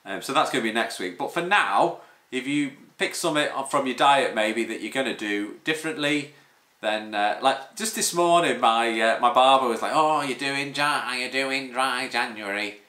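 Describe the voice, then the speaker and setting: Bright-voiced fitness coach. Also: male voice, mid-range voice, expressive, moderate pace. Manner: rambling with frequent restarts and 'um'. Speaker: personal trainer and online fitness coach. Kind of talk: casual podcast monologue. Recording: roomy echo.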